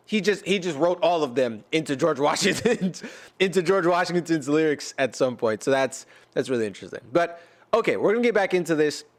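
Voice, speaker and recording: Chatty American man, slightly high voice. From United States. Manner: rambling, joking, many fillers and restarts. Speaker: reaction YouTuber and rapper. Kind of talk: casual reaction commentary.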